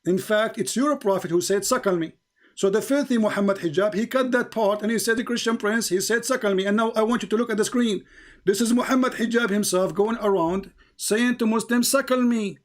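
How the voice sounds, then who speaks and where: A man's voice: sits high, fairly even intonation, fairly quick. A man hosting a heated live debate over a video call, combative and repetitive, with broken grammar. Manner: combative, repeats phrases, non-native grammar. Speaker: host.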